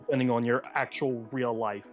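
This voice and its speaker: A man co-hosting a podcast in casual chat, hyped and quick to laugh. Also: medium pitch, fairly even intonation, soft background music. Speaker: podcast co-host.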